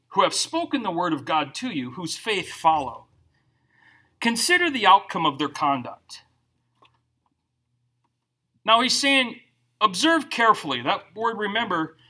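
Middle-aged male pastor, sermon, bright and animated, acts out quotes with humor. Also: sits high. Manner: animated, joking storyteller who acts out quotes.

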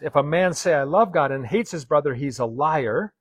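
A man preaching a sermon, asking his listeners rhetorical questions and swinging between soft and loud delivery. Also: on the high side, expressive, moderate pace, breathy edge, dry recording.

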